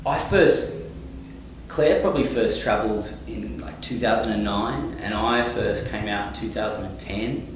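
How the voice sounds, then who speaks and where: A man's voice: lowish voice, unhurried, noisy background. Rambling Australian man, echoey distant mic. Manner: relaxed, rambling, many fillers and restarts. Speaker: touring singer-songwriter, guest. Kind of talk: casual interview.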